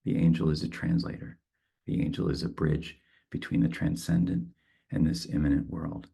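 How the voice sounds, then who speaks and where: Deep, gravelly man reading poetry. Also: flat delivery, warm tone. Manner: slow, thoughtful, with halting repeats. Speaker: poet leading a guided meditation. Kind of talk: reflective talk and poetry reading.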